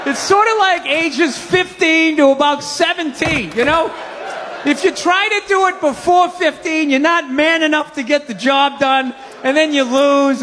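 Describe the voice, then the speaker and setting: A man doing stand-up, ranting in an animated way and breaking into shouts. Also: very high voice. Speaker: stand-up comedian. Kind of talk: stand-up set. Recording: live club with crowd and reverb.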